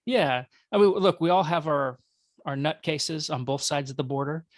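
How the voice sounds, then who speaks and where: A man's voice: fairly high pitch, normal speed, no echo. A man with a Minnesota accent, a guest talking casually, rambling with self-corrections and jokes. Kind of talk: conversational interview.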